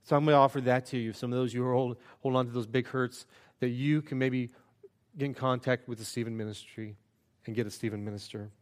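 A man's voice: medium pitch, fairly even intonation, brisk. A man preaching a sermon as a pastor, earnest and conversational, with self-deprecating asides.

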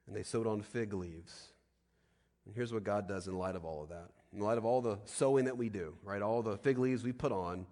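A man's voice: on the low side, a little mellow, big-room sound. A man preaching a sermon emphatically, often asking his listeners rhetorical questions.

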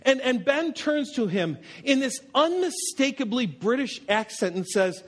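A man's voice: very high-pitched, very animated, a little slow, few pauses. A man preaching a sermon as pastor, telling anecdotes with self-deprecating humor in a church.

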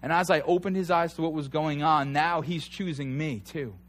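A man in his thirties preaching a conversational sermon, telling stories with animated energy and rising to near shouts at times. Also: fairly high pitch, moderate pace. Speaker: pastor.

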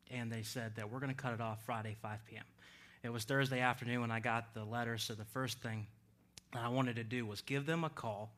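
A man preaching a sermon, telling a personal story in a lively way with frequent laughter. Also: mid-range voice. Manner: animated, laughs between lines. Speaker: pastor.

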